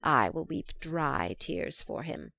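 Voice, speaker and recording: A grim old hag from a storybook, refusing to grieve. She speaks slowly, low and spitefully, as a woman reader puts her on. The sound is dry and close. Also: sing-song, vocal fry, bright, forceful tone, no room sound, exaggerated voice. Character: evil old hag turned crow, spiteful. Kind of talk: storybook reading.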